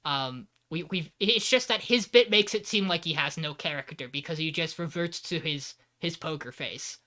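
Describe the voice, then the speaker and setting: Recapping an anime episode with animated, casual chat, a man co-hosting a podcast voices the characters' lines as he goes. He speaks at a moderate pace with a voice on the high side.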